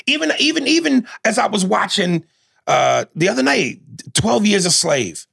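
A man co-hosting a casual talk show, retelling a film scene with lively, animated delivery. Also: high-pitched, normal speed, vocal fry, breathy edge, dry recording, studio quality. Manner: animated storytelling, acting out scenes in mimicked voices. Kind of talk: casual chat.

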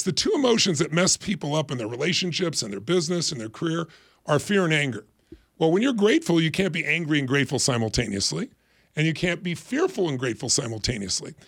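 A middle-aged man speaks emphatically and acts out short quoted voices. His voice is gravelly and sits a bit high for a man, and he talks at a rapid clip. The sound is dry and close to the mic. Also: a bit bright, no echo. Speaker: guest, life strategist. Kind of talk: motivational explanation in interview.

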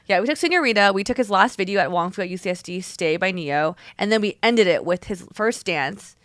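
A woman's voice: medium pitch, animated, fairly quick, a bit bright, no room sound, studio quality. A young woman in casual chat, reflecting and telling a story.

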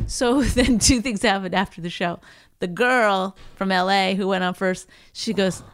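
A woman's voice: mid-range voice, fairly even intonation, measured pace, clear, resonant tone. A woman stand-up comedian chatting casually, telling a rambling story full of restarts and quoted voices. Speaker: stand-up comedian, podcast co-host. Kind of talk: casual chat.

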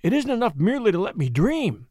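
A man's voice: high-pitched, big pitch swings, fast, dark tone, husky, no echo, studio quality, voice pushed up, heavily acted. A man voicing a desperate, sleepless young Englishman who pleads in a trembling, frantic way. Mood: desperate pleading.

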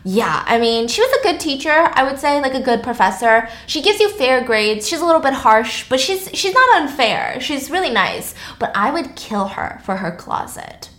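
A woman's voice: high voice, sing-song, moderate pace, hardly any pauses, a bit bright, reverberant. A woman voicing a chatty young female student who talks in a breezy, gossipy way.

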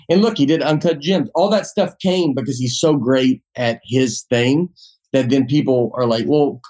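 A man's voice: medium pitch, a little mellow. A man in his forties with a Southern accent, a comedian talking casually on a podcast, rambling with many restarts. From Tennessee. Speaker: comedian guest.

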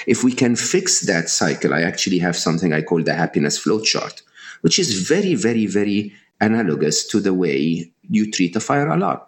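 A middle-aged man speaking as a podcast guest, emphatic and repeating words for stress. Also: low-pitched. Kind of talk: animated interview talk.

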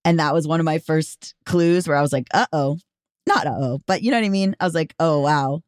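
Rambling self-deprecating podcast host, mid-pitched voice, dry close studio sound. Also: quick pace, no room sound. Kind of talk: casual solo podcast talk.

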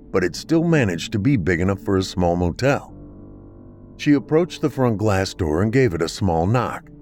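A man hosting a podcast, narrating a horror story in a measured, dramatic way. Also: lowish voice, darkish tone.

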